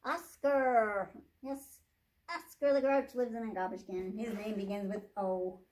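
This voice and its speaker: A children's librarian reading a picture book aloud at storytime. She speaks gently and very slowly, in a high voice, pausing to ask the little ones questions. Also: steady tone. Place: public library.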